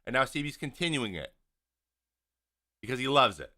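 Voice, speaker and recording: Bright-voiced animated male host. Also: medium pitch, moderate pace, a little hiss or hum. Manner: animated, acts out what players say; exasperated, blunt. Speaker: host, former pitcher. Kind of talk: casual video breakdown commentary.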